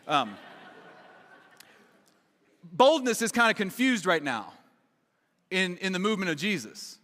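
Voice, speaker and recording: Joking pastor in a reverberant hall. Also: male voice, high-pitched, big pitch swings, moderate pace, sharp tone. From Kentucky. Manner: conversational and joking, lots of "right?" and "man". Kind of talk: casual sermon. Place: large church auditorium.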